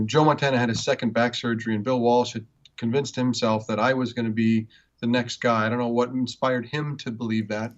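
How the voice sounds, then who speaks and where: Earnest rambling man, muffled sound. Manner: earnest, rambling, with frequent restarts and stumbles; emotional, swells in pitch when moved. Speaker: interview guest, author. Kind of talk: personal storytelling in conversation. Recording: dull, muffled audio.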